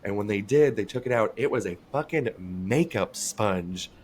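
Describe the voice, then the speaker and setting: A man co-hosting a podcast, telling a story in an animated, profane way in casual chat. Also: on the low side, moderate pace, slight background noise. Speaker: podcast co-host.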